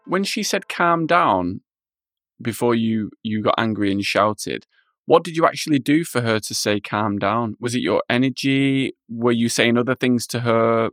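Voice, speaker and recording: Calm probing male interviewer. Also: mid-range voice, a little slow, no echo, clean studio sound.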